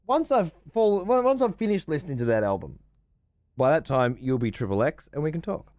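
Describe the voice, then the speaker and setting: A man's voice: fairly high pitch, sing-song, normal speed, darkish tone, no echo. An Australian man streaming a game, swearing freely and ranting in exasperation while he chats to viewers. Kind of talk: casual gaming stream commentary.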